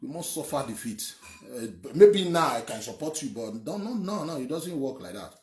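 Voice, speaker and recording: Pitched on the high side and very animated, this young Edo man talks at a normal pace in a mellow voice. He's a Nigerian online commentator, and his political commentary is heated, emphatic, rambling, repetitive and laced with swearing. The room audibly echoes.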